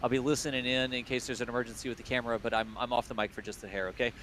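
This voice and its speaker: A man co-hosting a launch livestream in casual, joking chat, his voice worn hoarse. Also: mid-range voice, flat delivery, racing, fairly bright tone, slight background noise. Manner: joking, laughs often. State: losing his voice. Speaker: livestream co-host.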